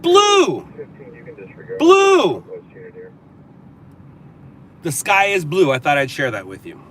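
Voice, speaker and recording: A man's voice: on the high side, very animated, fairly quick, bright, forceful tone, slight background noise. A man from Southern California hosting a casual livestream, talking back to viewer comments in a sarcastic, riffing way. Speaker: livestream host. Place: in a car.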